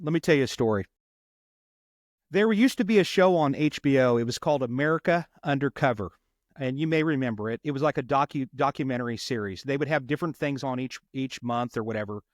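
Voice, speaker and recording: A man with a voice of ordinary middle pitch tells a long story in an earnest way and doubles back on his words. The sound is dry and close, with no room around it. He talks like a police officer chatting on a podcast. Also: a little fast, dry recording. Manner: earnest, repeats words while retelling a story. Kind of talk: conversational storytelling.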